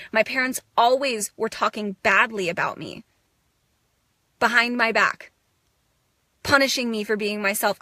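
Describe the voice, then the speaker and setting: A woman's voice: on the high side, sharp tone, no echo, studio quality. A young woman giving a raw, emotional self-help monologue, intense and swearing, breaking into bursts of laughter. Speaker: spiritual speaker.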